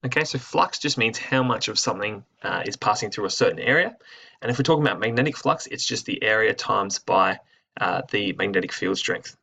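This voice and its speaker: A man's voice: mid-range voice, creaky, bright, forceful tone. A man teaching a physics lesson over slides in a casual, explanatory way, thinking aloud with fillers and restarts. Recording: muffled lo-fi voice recording.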